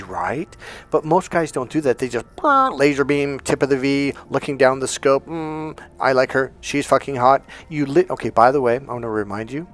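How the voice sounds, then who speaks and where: A male dating coach tells a casual, high-energy story, cursing freely and imitating other people with big leaps in pitch. It's an animated, profane monologue.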